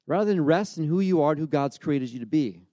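A man's voice: fairly high pitch, expressive, quick pace, dark tone, no echo, studio quality. A man in his forties giving a sermon in a casual, storytelling way, often restarting his sentences. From grew up by the beach. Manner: conversational, storytelling with many restarts. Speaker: pastor.

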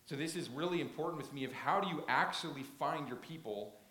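A man's voice: fairly high pitch, lively intonation, fairly quick, pushed and bright. A man preaching a sermon in a church, retelling a story with earnest emphasis and frequent restarts. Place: church sanctuary. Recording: roomy echo.

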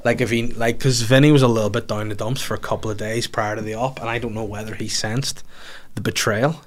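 A man's voice: lowish voice, steady tone, brisk. A man telling a long, rambling story in casual chat, swearing and laughing at himself as he goes.

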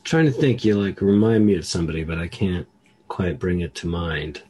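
A man hosting a podcast in a casual, rambling chat, keeping his voice down and trailing off quietly. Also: low-pitched, moderate pace, a little hiss or hum. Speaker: podcast host. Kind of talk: casual conversation.

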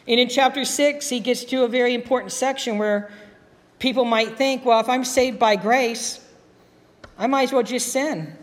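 A pastor delivers a sermon to his church, his voice sitting high for a man. He drives his points home with emphatic, rising exclamations. The sound carries the long reverb of a large hall. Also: normal speed.

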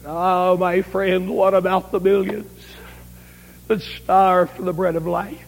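A man's voice: sits high, flat delivery, slow pace, vocal fry. A man preaching at a camp meeting, telling a story in a dramatic, pleading way. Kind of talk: impassioned sermon storytelling. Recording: reverberant 1970s camp meeting recording.

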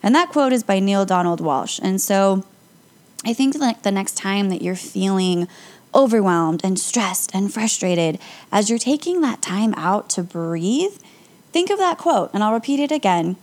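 A young woman, a yoga instructor and podcast host, talks listeners through calm breathing exercises in a casual, encouraging way. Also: medium pitch, a little slow. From Las Vegas area. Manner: calm, upbeat and encouraging, with light laughs.

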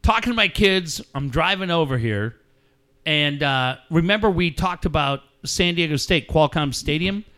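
A middle-aged man with a bright, forceful voice, chatting on a radio show. He tells stories with lots of life and laughs often. His pitch sits a bit high for a man. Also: moderate pace. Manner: animated storyteller, laughs often. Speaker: radio co-host. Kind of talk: casual radio chat.

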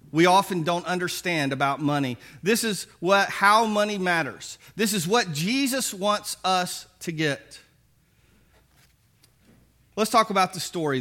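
A man's voice: sits high, pushed and bright. A man preaching a sermon, retelling a parable in a casual, folksy storytelling way with chuckles along the way. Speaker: pastor.

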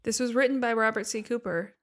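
A woman co-hosting a podcast, chatting eagerly with quick asides. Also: fairly high pitch. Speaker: podcast co-host. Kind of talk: casual chat.

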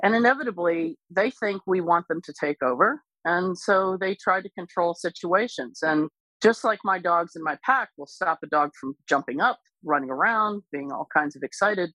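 A woman dog trainer speaking as an interview guest, explaining patiently and calmly, with lively bursts when she imitates other people. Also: fairly low pitch, normal speed, no echo, rough recording. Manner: calm, explains patiently, animated when imitating excited owners. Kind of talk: casual explanatory interview talk.

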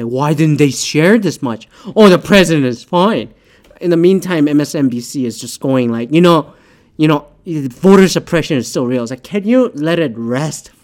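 A man ranting casually in a profane, rambling, exasperated way, often halting and restarting his sentences. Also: mid-range voice. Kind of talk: casual political rant.

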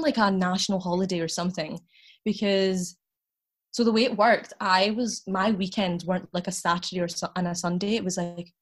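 A Scottish woman in her twenties, a podcast guest telling stories in casual chat, talking loosely with lots of fillers and frequent laughter. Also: mid-range voice. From Scotland.

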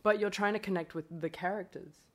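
A woman's voice: mid-range voice, steady tone, fairly quick. A woman from Brazil whose first language is Portuguese, a guest chatting casually on a podcast and laughing often.

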